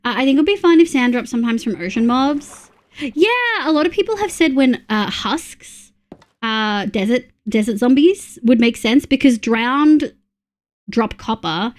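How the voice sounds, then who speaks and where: An Australian woman streams a game, her fairly high voice lively in intonation and moving at a normal speed. She counts items under her breath, breaking off for chatty asides as she reads and answers her chat.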